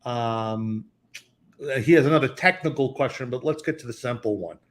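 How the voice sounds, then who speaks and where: A man's voice: medium pitch, normal speed. Male host in a mid-range voice, easygoing, affirming. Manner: relaxed, affirming interjections and reading questions from listeners. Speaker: podcast host. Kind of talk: casual interview chat.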